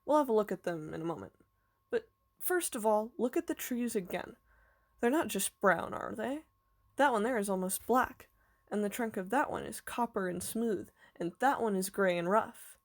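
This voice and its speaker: A kindly, eccentric old professor from a children's storybook, full of gentle explanations and quiet wonder, read by a woman in her own voice. He speaks patiently, as if guiding curious children through a lesson, at a middling pitch. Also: animated, moderate pace. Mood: warm, explaining.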